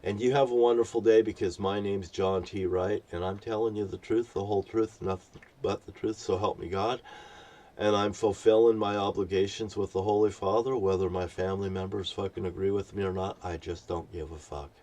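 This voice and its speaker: A man's voice: low voice, fairly even intonation, brisk, warm tone, far from the mic. A man ranting to camera in an angry, profane, rambling preaching manner. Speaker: vlogger.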